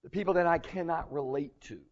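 A man's voice: on the high side, a little fast, vocal fry, highs cut off. A man preaching a sermon as pastor, earnest and conversational, building emphasis as he goes.

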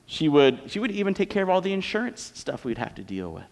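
A man's voice: sits high, sing-song, quick pace, gravelly. A man with an American accent preaching a sermon as a pastor, conversational and joking. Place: church auditorium. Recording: long reverb of a church hall.

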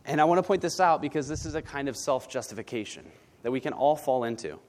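A man's voice: medium pitch, lively intonation, fast, a little mellow. A male pastor preaching a sermon in a blunt, conversational way, often asking "right?". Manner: blunt, conversational, tag questions.

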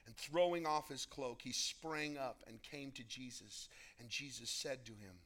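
A man's voice: mid-range voice, normal speed. A male pastor reading scripture aloud and preaching, with dramatic, emphatic rises in voice. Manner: reads scripture dramatically, voicing the crowd's shouts loudly.

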